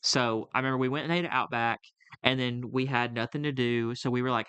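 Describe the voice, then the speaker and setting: A man's voice: mid-range voice, steady tone, brisk, a bit bright, clear, resonant tone, dry recording. A young man co-hosting a podcast, telling a story in a casual, rambling way with lots of fillers and restarts. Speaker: podcast co-host. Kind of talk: casual chat.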